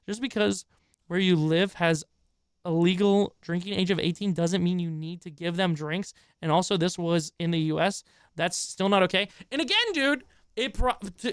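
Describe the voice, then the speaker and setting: A man's voice: sits high, expressive, fairly quick, fairly bright tone, dry recording, clean studio sound. A man streaming a reaction video, ranting in an exasperated, profane way and chatting with his viewers in between. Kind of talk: live-stream reaction commentary.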